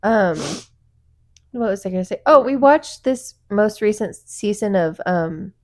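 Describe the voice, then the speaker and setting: A woman's voice: medium pitch, a little slow. A woman co-hosting a casual chat podcast, telling stories animatedly with lots of fillers. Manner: chatty, animated storytelling with fillers. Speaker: podcast co-host.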